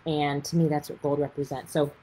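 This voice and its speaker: A woman's voice: low-pitched, fairly quick, poor audio. A woman with a Texas accent, an author chatting casually and effusively on a livestream. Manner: chatty and effusive, gushing with excitement. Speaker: author and faith speaker.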